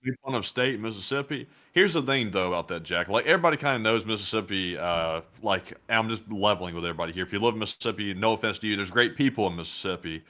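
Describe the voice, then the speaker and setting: Southern co-host, quick rambling talker, bright, slightly low voice. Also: male voice, animated. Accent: Southern American. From Alabama. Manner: quick, rambling, with frequent fillers. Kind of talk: casual livestream chat.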